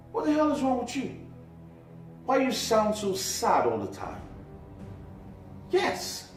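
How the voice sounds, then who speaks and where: A man's voice: high-pitched, heavily acted. An actor playing an easygoing young man raised in the United States, laid-back and often exasperated. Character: young man back from abroad, easygoing, caught between women. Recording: echoey room, mic far off, soft music.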